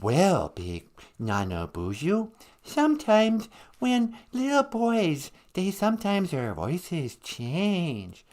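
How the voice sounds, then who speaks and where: A man voicing a grown-up bird pretending to be a little boy, speaking slowly in a babyish, pleading way. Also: sits high, wildly swooping pitch, a little mellow, pitched above the performer's own voice, full character voice. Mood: coy. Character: fake grown Big Bird, childish, sly.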